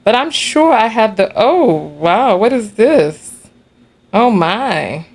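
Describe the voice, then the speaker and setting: A woman hosting a casual livestream, telling a story in an animated, chatty way and laughing between remarks. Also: on the high side, slow. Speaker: livestream host.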